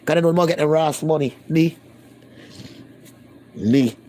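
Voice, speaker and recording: A woman's voice: deep voice, unhurried, dark tone, a little hiss or hum. Blunt Jamaican woman chatting in patois. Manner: blunt, emphatic and repetitive, in patois. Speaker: vlogger. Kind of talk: casual live-stream chat.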